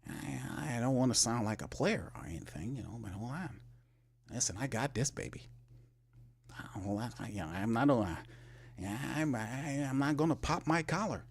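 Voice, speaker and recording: A man doing a smug, hushed team executive. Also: mid-range voice, animated, moderate pace, creaky, husky.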